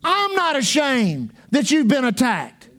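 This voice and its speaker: Fervent high-voiced male pastor preaching. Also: huge pitch swings, unhurried. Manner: fervent, repetitive preaching, bursts of shouting. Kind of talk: sermon.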